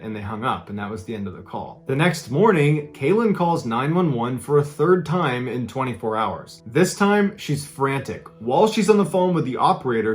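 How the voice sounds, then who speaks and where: A man hosting a show, telling a dark true story in a dramatic, conversational way with casual fillers. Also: mid-range voice. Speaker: host and storyteller. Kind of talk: true-crime storytelling narration.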